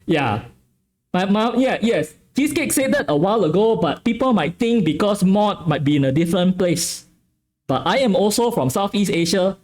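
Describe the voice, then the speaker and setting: A man from Malaysia talks on his stream with a westernized English accent, in a slightly high voice that rises and falls a lot. He chats casually, talkative and quick to correct himself with a laugh. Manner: animated, talkative, playfully self-correcting. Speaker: streamer hosting a tabletop game channel.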